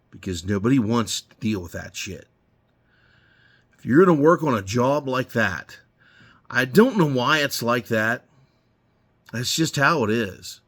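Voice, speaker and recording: A man's voice: mid-range voice, a bit bright. A middle-aged man telling rambling, profane stories in a blunt, casual way while he works in his garage. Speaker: garage owner. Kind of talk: casual storytelling while working.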